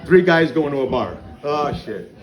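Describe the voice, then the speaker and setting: This comic's voice is on the high side, expressive and unhurried as he works through a crude open mic set in a small bar. He tells profane stories, voicing the dialogue himself, while the crowd reacts amid echo and audience noise.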